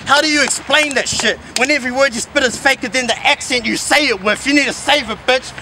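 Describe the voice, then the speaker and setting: A man's voice: very high voice, quick pace, creaky, bright, forceful tone, a little hiss or hum. A young man spitting an aggressive, mocking battle rap verse outdoors by a skate park. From New Zealand. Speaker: battle rapper.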